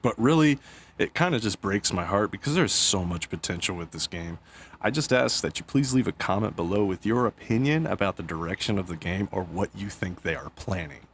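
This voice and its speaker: A man's voice: low voice, animated, brisk, slight background noise. A man and father talking casually about a video game, rambling, tripping over his words and laughing at himself. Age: adult with young kids. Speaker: gaming YouTuber. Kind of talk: casual gaming commentary.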